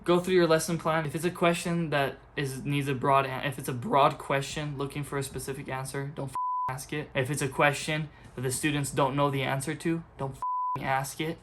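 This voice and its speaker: A man's voice: fairly high pitch, flat delivery, normal speed, background noise. A young adult man, not a native English speaker, giving an angry, profane ranting monologue as a college student vlogger.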